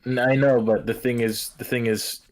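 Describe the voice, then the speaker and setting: Young male caller, mid pitch, cocky, giggly, repetitive. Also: level tone, normal speed, darkish tone, a little hiss or hum. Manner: cocky, giggly, repeats himself. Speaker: call-in guest. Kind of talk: casual comedic banter. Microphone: call-in, remote.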